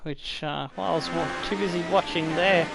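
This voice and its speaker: A low-quality clip has loud music under an Australian gaming YouTuber's slightly high, creaky voice at normal speed as he commentates his racing game. He swears, laughs in bursts and lashes out excitedly at rivals.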